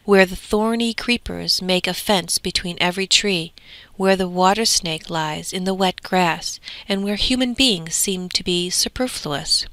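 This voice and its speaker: A woman's voice: lowish voice, measured pace, no room sound. A woman voicing the west wind as a wild, boastful young man. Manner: lively, boastful.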